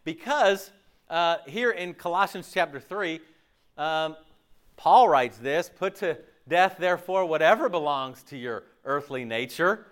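Animated conversational male pastor. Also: a little high, measured pace, clear, resonant tone. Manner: conversational, animated, acts out imagined listeners' reactions; frequent "okay?" and "like" fillers. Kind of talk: sermon.

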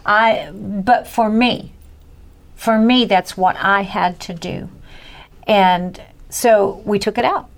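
A woman tells a personal story in a casual chat, laughing often and acting out voices. Her voice sits in a middle range and she talks in a lively, easy way. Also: medium pitch, slow pace. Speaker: guest sharing a faith testimony.

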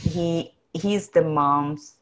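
A woman hosting a podcast in casual chat, animated and gushing. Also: deep voice, drawn-out words. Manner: animated, gushing, slips into excited quoted exclamations. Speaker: podcast host.

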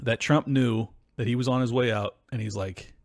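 A man hosting a solo political podcast, ranting in a heated, profane, combative way that breaks into yelling. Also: mid-range voice, fairly even intonation, normal speed, creaky, no room sound, clean studio sound. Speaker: podcast host.

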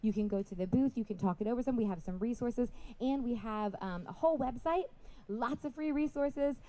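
A woman's voice: fairly high pitch, a little fast. A woman speaking live at a Christian festival, raising her voice to reach the back of the audience, with chatty, apologetic asides. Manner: projecting loudly to reach the back. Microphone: PA microphone.

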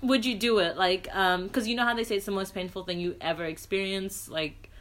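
A woman's voice: medium pitch, steady tone, brisk, a bit bright. A woman co-hosting a casual book-club podcast, chatty and casually swearing. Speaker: podcast co-host.

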